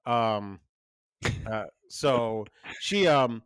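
A man in his thirties co-hosting a casual chat podcast, telling stories in a rambling, animated way with many restarts. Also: medium pitch, extremely slow, clear, resonant tone, no echo, studio quality. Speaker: podcast co-host.

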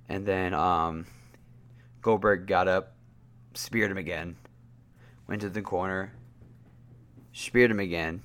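A man with a low voice hosts a casual wrestling podcast, speaking at a slow, unhurried pace. He rambles through his recap with plenty of fillers and restarts. When he gets worked up, his voice jumps up high. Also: steady tone, fairly bright tone. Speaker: podcast host.

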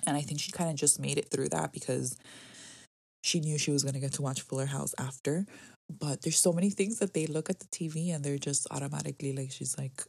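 A woman's voice: sits low, fairly even intonation, brisk, creaky, a little mellow, slightly rough, no echo. A woman co-hosting a podcast about being a mother, chatting casually in a rambling way that is full of "like" and "you know". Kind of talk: casual chat.

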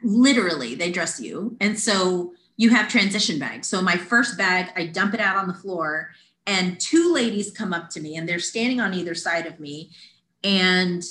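A woman's voice: on the low side, moderate pace. Woman telling a story, roomy echo. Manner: animated, acts out quoted voices. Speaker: podcast guest. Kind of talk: casual storytelling.

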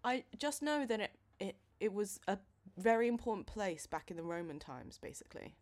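A woman's voice: mid-range voice, sing-song, normal speed, a little mellow. Chatty young woman podcast co-host. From England. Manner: chatty, rambling with many fillers. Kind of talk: casual chat.

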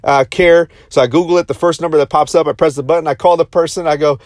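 A man in his thirties telling a story to his viewers, intense and excitable, often repeating and restarting his phrases. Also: on the high side, quick pace, hardly any pauses, no echo, studio quality. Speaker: motivational vlogger.

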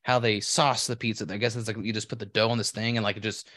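A man's voice: lowish voice, flat delivery, fast talker, fairly bright tone, no echo. A man co-hosting a podcast, rambling through a story in casual, profane and self-deprecating chat. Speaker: podcast co-host.

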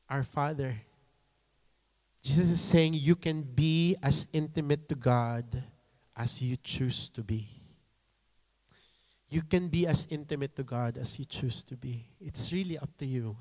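Slow-speaking preacher. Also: male voice, darkish tone. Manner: slow, emphatic preaching that mixes in Tagalog phrases; voices pleading children in a high voice. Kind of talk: sermon.

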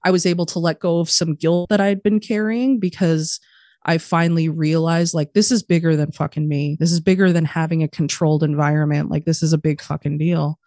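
A woman's voice: low voice, steady tone, brisk, mellow, no echo, clean studio sound. A woman in her thirties, a podcast guest talking casually and bluntly, swearing often. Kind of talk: casual interview talk.

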